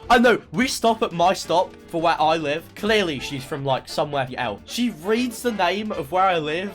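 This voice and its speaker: A young man with a high, light voice tells a long story to his stream chat. He is animated and voices the quotes of the other people in it, while faint music plays underneath. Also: moderate pace.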